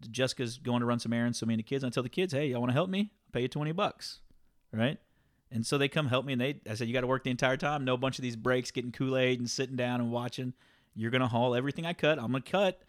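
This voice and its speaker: A man, co-hosting a casual podcast and telling stories with lots of laughter. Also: mid-range voice. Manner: animated storyteller, laughs often. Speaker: podcast co-host. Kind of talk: casual chat.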